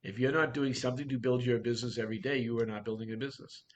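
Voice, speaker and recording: A man's voice: medium pitch, steady tone, racing. A man coaching real estate agents in a workshop talk, blunt and direct, firing off rhetorical questions.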